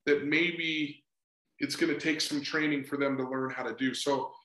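A man's voice: medium pitch, fairly even intonation, normal speed, pushed and bright. Earnest middle-aged man, roomy echo. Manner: earnest, repeats "right?" and "just". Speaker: sports psychology consultant. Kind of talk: casual interview talk.

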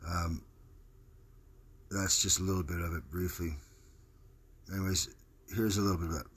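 A man's voice: low voice, flat delivery, moderate pace, breathy edge. A man giving a casual, rambling account, hesitating and correcting himself as he introduces a clip. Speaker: homeless advocate introducing a clip.

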